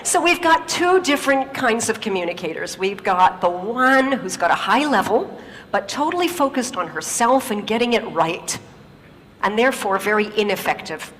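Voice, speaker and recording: A woman's voice: mid-range voice, moderate pace, a little hiss or hum. Woman speaking in an echoing hall. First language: English. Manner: lively, humorous, addresses the audience. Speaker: conference speaker. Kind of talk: storytelling talk on stage. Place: large auditorium.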